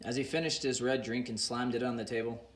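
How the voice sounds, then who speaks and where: A man narrating an audiobook in a plain, unhurried reading voice. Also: medium pitch, little pitch movement, a bit bright, roomy sound.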